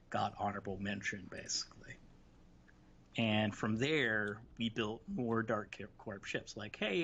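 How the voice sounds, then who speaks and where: A man chats casually while hosting a live gaming stream. He rambles through memories with plenty of fillers and false starts. His voice sits at a middling pitch, and it comes through a headset mic with slightly muffled stream audio and a faint hiss. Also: fairly bright tone. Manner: rambling, reminiscing, many restarts and fillers. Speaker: livestream host.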